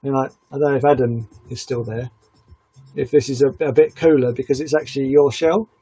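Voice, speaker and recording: A man's voice: mid-range voice, steady tone, brisk, mellow, breathy edge, soft background music, rough recording. A man chatting casually on a live stream while he airbrushes, a rambling self-confessed oversharer.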